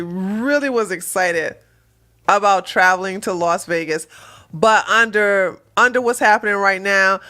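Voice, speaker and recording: A woman's voice: medium pitch, bright, forceful tone. A woman hosting a livestream, giving casual, sarcastic commentary and often breaking into laughter. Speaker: livestream host. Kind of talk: casual commentary reading chat.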